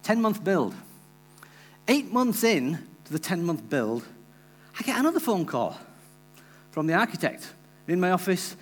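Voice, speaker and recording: A man's voice: high-pitched, sing-song, a little slow, pauses often. A man preaching a sermon as a visiting preacher, telling a personal story and acting out the people he quotes.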